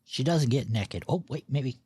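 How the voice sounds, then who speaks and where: A man co-hosting a casual podcast with friends, tossing in quick joking remarks. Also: medium pitch, animated, dark tone. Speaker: podcast co-host.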